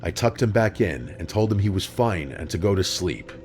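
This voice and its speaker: A man reading a scripted true horror story in a steady, even storytelling manner. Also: low voice, moderate pace, faint music behind. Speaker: story narrator.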